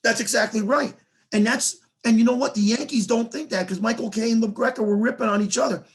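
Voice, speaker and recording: A man hosting a casual sports talk show, telling stories in an animated way and acting out quoted dialogue. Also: very high voice, brisk. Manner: animated storyteller who acts out quoted dialogue.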